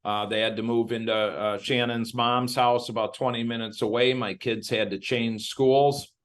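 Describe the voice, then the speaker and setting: A man from Illinois, a guest in an interview, telling his story in a candid, animated way and acting out what others said. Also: mid-range voice, moderate pace. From Illinois, USA.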